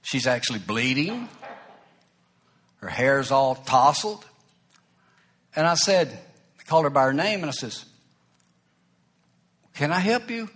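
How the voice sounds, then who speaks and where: A man's voice: mid-range voice, animated, a little slow, pauses often, fairly bright tone, breathy edge. A man preaching a sermon as pastor, telling a personal story in a folksy, conversational way with small asides. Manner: folksy, conversational, breaks into acted quotes and asides.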